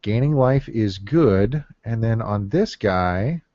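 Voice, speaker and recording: Slow, musing man on a dull dry mic. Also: lowish voice, lively intonation, dark tone, no echo. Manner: thinking aloud, many fillers and counting under his breath. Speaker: gameplay commentator. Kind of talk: casual deck-building commentary.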